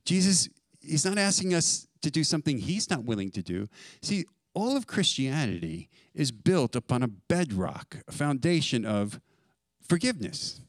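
A man preaching a sermon as pastor, emphatic and building to loud stresses on key words. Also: on the high side, sing-song, normal speed, dry recording.

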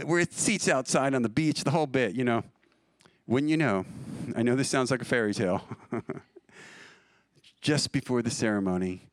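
A man's voice: mid-range voice, no echo. A middle-aged pastor from New preaches in an easy conversational way. His voice sits in an ordinary middle register, and the sound is dry and close with little room around it. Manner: conversational, storytelling with laughs. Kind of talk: sermon.

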